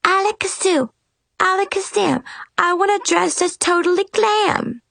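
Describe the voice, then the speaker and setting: A woman's voice: very animated, unhurried, vocal fry, dry recording, exaggerated voice. A woman doing a chirpy, bossy fairy godmother. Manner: high, bright and chirpy. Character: bubbly young female fairy godmother, bossy and flustered.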